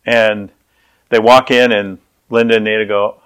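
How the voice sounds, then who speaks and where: A man's voice: on the low side, flat delivery, a little slow, a bit bright. A man preaching a sermon, telling a story in a conversational way that often repeats and restarts words.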